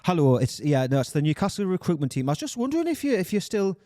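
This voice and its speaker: A man's voice: sits high, big pitch swings, fast talker, dark tone, no room sound, clean studio sound, voice pushed up. A man putting on a Geordie accent to play a bumbling male Newcastle club recruiter on a phone call. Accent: Geordie, put on. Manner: rambling, hesitant, upbeat.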